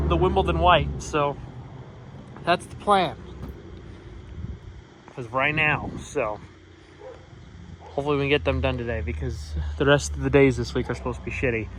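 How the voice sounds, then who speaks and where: A man's voice: medium pitch, noisy background. A man casually talking through work on his old trucks outdoors, rambling with lots of "so, yeah" fillers and the odd curse. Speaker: mechanic vlogger. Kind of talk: casual shop vlog. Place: outdoors at a home car shop.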